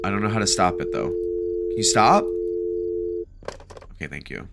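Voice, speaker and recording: A man giving jokey, animated let's play commentary, reacting aloud and talking back to game characters. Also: lowish voice, moderate pace, gravelly, pauses often, very noisy. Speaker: gaming video creator.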